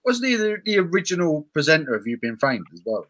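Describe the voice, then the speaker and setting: English male, expressive up-and-down delivery, jokey storyteller on a group call. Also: fairly high pitch, fast. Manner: animated, tells jokes. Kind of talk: casual group video call chat.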